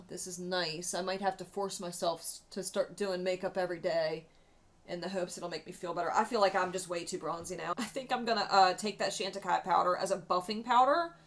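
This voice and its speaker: Candid chatty woman vlogger. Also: lowish voice. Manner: casual, candid, swears freely. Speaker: beauty vlogger. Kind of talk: chatty get-ready-with-me storytelling.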